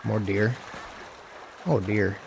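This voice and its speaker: A man's voice: lowish voice, steady tone, drawn-out words, vocal fry, noisy background. A man streaming a western game, chatting casually in loose, profane, self-mocking talk. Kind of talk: casual gameplay commentary.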